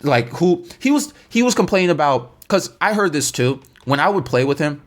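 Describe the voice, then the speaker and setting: A young man tells a storytime tale in a casual, slangy way, circling back and repeating himself as he goes. His voice is lively and rises and falls a lot as he talks. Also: a little high, normal speed.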